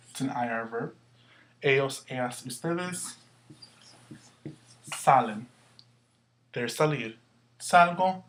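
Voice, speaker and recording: Man, language teacher, slow patient explaining, middle pitch, faint hiss. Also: a bit bright. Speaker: Spanish teacher. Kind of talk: recorded classroom lesson.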